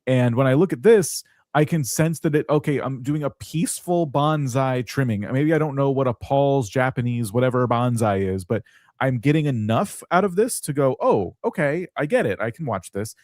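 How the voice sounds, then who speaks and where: A man's voice: mid-range voice, normal speed, darkish tone, dry recording. Thoughtful male co-host, dry sound. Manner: thoughtful, analytical. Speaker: co-host reviewing channels. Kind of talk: live stream channel review.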